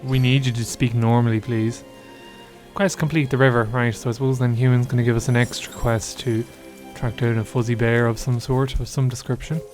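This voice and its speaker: A man narrating his own gameplay in a chatty, wry way, full of jokes and asides. His voice sits at an ordinary pitch. Faint game music runs underneath. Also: little pitch movement, brisk, darkish tone. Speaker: gaming video host. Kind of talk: casual let's-play commentary.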